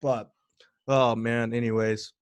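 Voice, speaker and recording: A man's voice: mid-range voice, little pitch movement, slow, clear, resonant tone, no echo. Man, young adult, podcast host, joking, crude, loose talk, dry close recording. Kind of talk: casual podcast chat.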